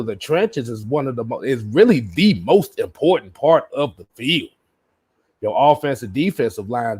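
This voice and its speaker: A man hosting a casual livestream, reading out viewer comments in a relaxed way, often laughing and repeating himself. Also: mid-range voice, breathy edge. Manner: laid-back, laughs often, repeats words. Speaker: livestream host.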